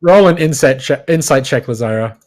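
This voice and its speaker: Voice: medium pitch, animated, fairly quick, darkish tone. A game master narrating a tabletop game, often laughing while talking.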